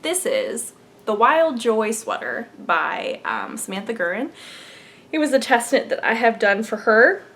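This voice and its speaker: A woman's voice: a little high, sing-song, a little slow, a bit bright. A young adult woman hosting a knitting podcast, chatting casually and bubbly, laughing often. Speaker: podcast host. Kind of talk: casual chat.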